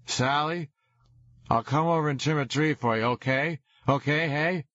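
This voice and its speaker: A man voicing a drunk teenage boy who yells and pleads into a phone, on a dull lo-fi recording. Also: fairly high pitch, moderate pace, dry recording, pitched above the performer's own voice. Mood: drunk, pleading. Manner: slurring, loud and pleading.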